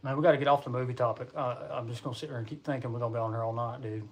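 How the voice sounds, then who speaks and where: A man's voice: medium pitch, steady tone, racing, noisy background. A man hosting a casual live stream, rambling and chatting with viewers as he reads their comments. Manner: rambling, chatty, laughs often; talks to viewers while reading comments. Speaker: livestream host.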